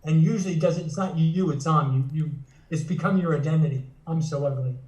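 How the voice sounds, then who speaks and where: A man's voice: fairly high pitch, quick pace, darkish tone, distant mic. A psychotherapist and author, a man, explaining things earnestly in an interview, often stopping to restart a phrase. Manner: earnest, teaching tone with frequent restarts. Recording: echoey room, voice away from the mic.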